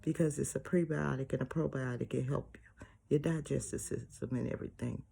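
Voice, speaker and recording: Older woman, grandmother, gravelly dark voice, breathy asides, preachy repetition. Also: very deep voice, steady tone, a little fast. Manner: often drops to a breathy near-whisper; preachy, repeats phrases for emphasis. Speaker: vlogger. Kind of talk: casual personal monologue.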